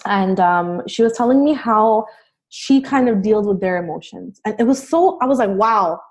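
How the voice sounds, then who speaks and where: A woman's voice: medium pitch, moderate pace, a little mellow. A young adult woman, a life coach, talking as a guest in a casual podcast conversation, earnest and encouraging, with many fillers.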